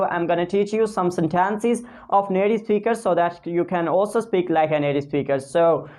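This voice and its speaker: A woman teaching spoken English pronunciation, talking casually to camera and slowly repeating model phrases for learners to copy. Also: mid-range voice, a little mellow. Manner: many fillers and restarts, non-native phrasing.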